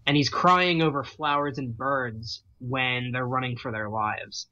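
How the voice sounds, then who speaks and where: A man's voice: mid-range voice, steady tone, measured pace, pushed and bright, highs cut off. A man co-hosting a casual movie podcast, reflecting thoughtfully and quoting characters. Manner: thoughtful, quotes characters in passing. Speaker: podcast co-host. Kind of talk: casual movie-review chat.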